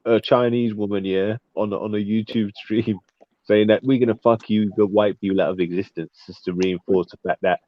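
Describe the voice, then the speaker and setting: A man's voice: lowish voice, fairly even intonation, fairly quick, no room sound. A man chatting loosely on a group video call, joking and restarting his sentences. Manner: rambling, joking, frequent restarts. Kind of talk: casual group call chat. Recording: dull dry call audio.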